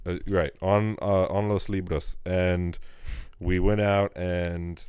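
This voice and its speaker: Deep-voiced young man telling casual stories. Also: level tone, takes it slowly, a little mellow, smooth, dry recording. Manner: modest, laughing, rambling storytelling. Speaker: guest comedian. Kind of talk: casual podcast chat. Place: apartment living room on a couch.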